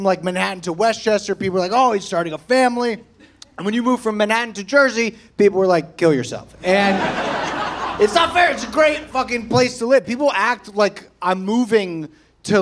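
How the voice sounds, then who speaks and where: Brash, profane stand-up comic in his thirties, high-pitched, pushy delivery. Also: a little hiss or hum. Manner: brash, profane, keeps tagging lines with "okay?". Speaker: stand-up comedian. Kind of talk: stand-up set. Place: comedy club stage before a laughing audience.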